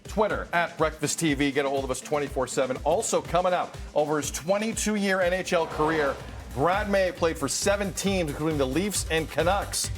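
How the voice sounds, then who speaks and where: A man, host of a breakfast television show, speaking in a slightly high, upbeat presenter voice. He moves briskly between banter and scripted links to upcoming segments. Music plays clearly under him in the studio.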